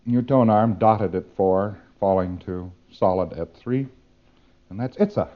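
A man's voice: lowish voice, measured pace, muffled recording. A man giving a demonstrative lecture, acting out exchanges with playful repetition.

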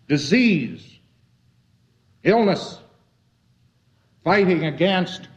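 A man lecturing with wry, folksy asides and a rambling, storytelling flow. His voice sits a touch high for a man. It comes through a dull, lo-fi old recording. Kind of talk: lecture to a live audience.

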